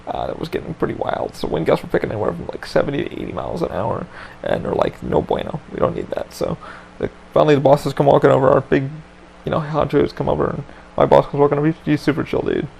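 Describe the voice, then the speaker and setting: A man's voice: a little high, animated, fast talker, vocal fry, darkish tone, a little hiss or hum, rough recording. A man hosting a podcast, telling a story in a casual chat with lots of swearing and loose rambling. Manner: profane, laid-back, loose rambling. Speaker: podcast host.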